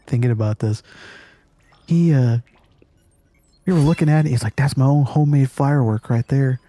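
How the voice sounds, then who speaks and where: A gaming channel host tells a story casually over gameplay, laughing a lot and swearing freely. His voice is mid-range and mellow, and the recording is dry.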